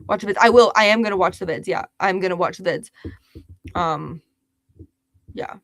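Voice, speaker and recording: A woman's voice: medium pitch, moderate pace, vocal fry, dry recording. A young woman hosting a casual livestream, chatty and giggly, reading viewers' comments aloud. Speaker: livestream host.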